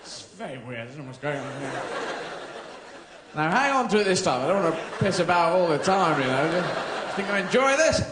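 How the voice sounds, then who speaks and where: A man in his thirties with a British accent, doing live stand-up in a theatre, rambling through surreal tangents with swearing and quick silly voices. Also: a little high, big pitch swings, heavy background noise. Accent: British English. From Britain. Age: 30s. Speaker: stand-up comedian. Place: theatre stage before a live audience. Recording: echoey theatre with loud audience laughter.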